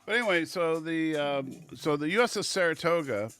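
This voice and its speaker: A man's voice: fairly high pitch, animated, brisk, over music. A man hosting a casual movie-review chat, organizing the schedule with a joking, chatty manner. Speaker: show host.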